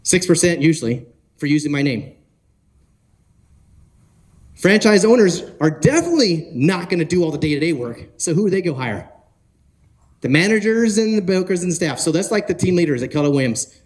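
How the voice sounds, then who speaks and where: A man giving an energetic talk at a conference, often asking the audience questions and joking with them. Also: on the high side, normal speed, pauses often. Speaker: conference speaker. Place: conference hall.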